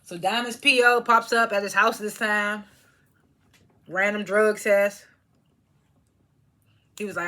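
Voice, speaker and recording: A woman's voice: medium pitch, fairly even intonation, slow, long pauses, pushed and bright. A young woman recapping a TV episode in a casual monologue, laughing often and stringing thoughts together with fillers while she chews snacks. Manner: talks while chewing snacks. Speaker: TV episode reviewer.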